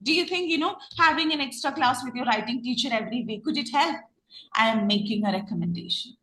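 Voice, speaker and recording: A woman with a Malayali English accent teaches an online reading class. She quizzes her students over and over, restarts her sentences, and speaks in a bright, fairly high voice. The room gives her voice a noticeable echo. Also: lively intonation, fast, slight background noise. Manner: questioning, repeats herself, many restarts. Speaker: OET reading trainer.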